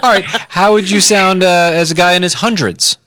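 A man's voice: high voice, steady tone, brisk, bright, forceful tone. A man hosting a call-in radio show, talking in an enthusiastic, upbeat way. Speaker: radio host.

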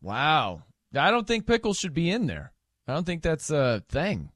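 A man's voice: a little high, wildly swooping pitch, a little slow, a bit bright, dry recording, studio quality. A man hosting a late-night show, chatting casually and teasing his co-host playfully. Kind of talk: casual chat.

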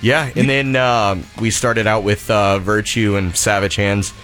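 Chill rock band guy, low voice, kinda rambly, faint music behind. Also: flat delivery, measured pace, fairly bright tone. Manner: laid-back, easygoing, many fillers. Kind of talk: casual radio interview. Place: radio studio.

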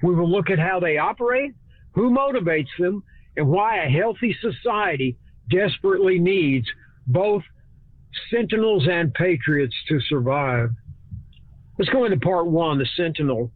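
A man's voice: high voice, lively intonation, no room sound, narrow, tinny audio. A man from Texas, giving a folksy, speech-like scripted talk as host. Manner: folksy speech-like delivery, shifts between slow and fast.

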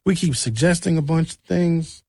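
A man hosting a talk show who is hoarse from recent shouting, giving blunt, conversational commentary on local news and asking rhetorical questions. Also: fairly high pitch, moderate pace, dry recording, studio quality.

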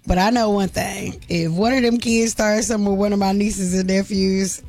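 A woman's voice: mid-range voice, fairly even intonation, moderate pace, a little mellow, soft background music. A woman co-hosting a morning radio show, reading news and speaking bluntly. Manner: blunt, outspoken. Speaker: news segment co-host. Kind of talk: radio news read and chat.

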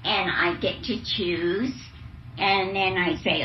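A woman's voice: medium pitch, fairly even intonation, slow, a little hiss or hum. An older woman talking in a plainspoken, cheerful way in a taped interview clip. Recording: echoey, distant, dull field tape.

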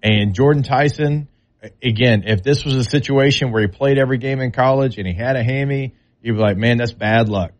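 A man's voice: medium pitch, fairly quick, dull audio. A man talking football in a casual, drawling way, with loose everyday grammar, as a sports talk co-host.

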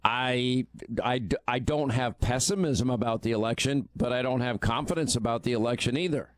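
A man's voice: medium pitch, normal speed, no room sound. A man hosting a political talk radio show, chatty and joking about himself, his voice strained and tired from too much talking. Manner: conversational, self-deprecating banter. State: strained, worn voice from overuse.

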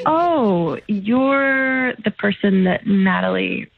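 A woman's voice: mid-range voice, lively intonation, takes it slowly, gravelly, a crowd in the background. A woman on the phone, confused and exasperated as the call goes on. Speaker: prank call target on the phone. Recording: dull phone line.

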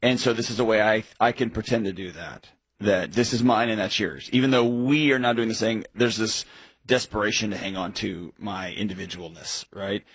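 A man co-hosting a money advice show, thinking out loud and emphatic, with playful quoted asides. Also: lowish voice, moderate pace, breathy edge, dry recording, low-quality recording. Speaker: co-host of a money call-in show. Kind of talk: casual radio talk.

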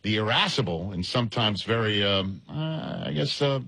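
A man hosting a sports talk show, his voice bright and a touch husky. He leads the chat with lively, upbeat intonation and quick quips. The sound is dry and close. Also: on the low side, no room sound. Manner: upbeat, interviewer leading segments with quick quips. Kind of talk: casual chat.

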